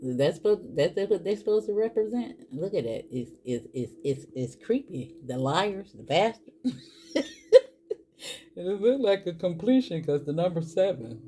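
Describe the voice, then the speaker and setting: A woman's voice: on the low side, moderate pace, few pauses, slight background noise. A woman, doing a casual tarot reading and talking straight to her viewers. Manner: animated, exclaiming, talks straight to viewers as boo and y'all. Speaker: tarot reader.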